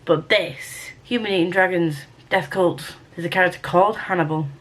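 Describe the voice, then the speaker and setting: A young woman talking casually to camera in a weekly reading vlog, chatty and rambling with quick asides. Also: lowish voice, a bit bright. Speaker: book vlogger.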